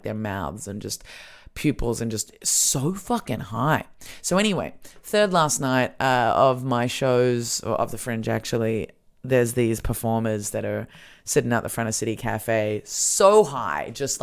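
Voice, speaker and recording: Casual woman podcast host, rambling anecdotes, salty language, lots of fillers. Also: extremely low pitch. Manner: rambling and profane, many fillers and restarts. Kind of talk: casual storytelling chat.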